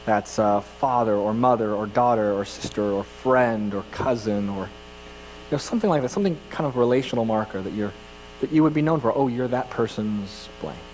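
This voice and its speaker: A man's voice: on the low side, moderate pace, a little mellow, in a large hall, a little hiss or hum, low-quality recording. A man from California preaching a sermon as pastor, telling personal stories in a conversational, self-deprecating way with frequent restarts. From California, United States.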